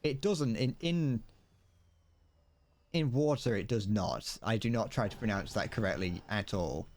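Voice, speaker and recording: Lively-pitched young British streamer. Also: male voice, measured pace. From Britain. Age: 20s. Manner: rambling, joking, chatty asides. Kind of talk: casual gaming commentary. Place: home room.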